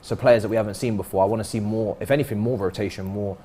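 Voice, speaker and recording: A man chatting casually about football on a panel, thinking out loud in quick bursts. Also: lowish voice, steady tone. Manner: rapid, thinks aloud, restarts. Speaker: football pundit.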